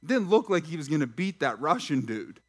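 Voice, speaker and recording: A man with a fairly high speaking voice preaches to his congregation in church. He keeps things lively, tossing out questions and light jokes as he goes. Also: normal speed, slightly rough. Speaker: pastor. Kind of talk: sermon. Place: church sanctuary.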